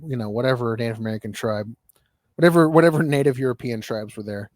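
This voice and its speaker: Brief: sarcastic, profane male co-host, mid pitch, casual delivery, dry close mic. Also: fast talker, a little mellow, no echo. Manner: blunt, scornful, profane. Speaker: podcast co-host. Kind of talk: casual podcast chat.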